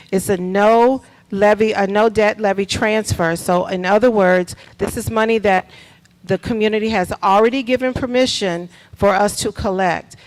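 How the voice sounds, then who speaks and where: A school superintendent with a mid-range voice gives announcements at a public board meeting into a table microphone. Preacher-like, he is emphatic, repeats key points, and quizzes the audience. The recording quality is low.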